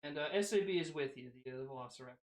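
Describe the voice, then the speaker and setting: A man's voice: fairly high pitch, rapid-fire, roomy sound, rough recording. Easygoing male game master. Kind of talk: running a tabletop game over a call.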